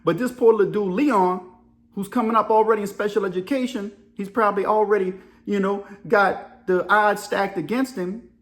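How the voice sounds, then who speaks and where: A man's voice: high voice, fairly even intonation, moderate pace, fairly bright tone. A middle-aged man telling a story in a casual monologue, acting out voices and sound effects and laughing often. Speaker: storyteller and channel host.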